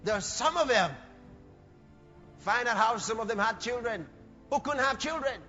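A man preaching a sermon with passion, often shouting lines out and acting out other people's voices. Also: extremely high pitch, animated, normal speed, faint music behind. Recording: lo-fi recording with long hall reverb.

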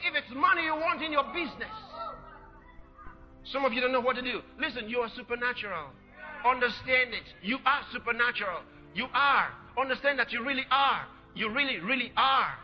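A man preaching a sermon, exhorting loudly with repeated declarations. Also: very high-pitched. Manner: shouting, exhorting, repetitive declarations. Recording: dull lo-fi sermon recording with music.

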